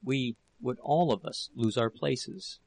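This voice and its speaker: Desperate young wife, tearful and frantic, pleading softly, slow, gravelly tone, as a male reader puts her on. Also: medium pitch, rough recording. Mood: broken, whispering.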